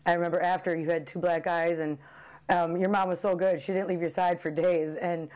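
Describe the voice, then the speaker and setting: A woman's voice: on the low side, little pitch movement, a little fast, darkish tone. A woman recounting a family accident in a documentary interview, hesitant and searching for words.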